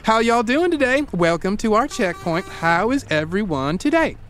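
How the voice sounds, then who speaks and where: A sunny southern woman translator with a slow, syrupy drawl, as a man puts her on in a storytelling podcast. Her voice sits high and bounces around with eager, over-friendly warmth. She greets everyone like a cheerful shop greeter. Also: very animated. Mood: sunny greeting.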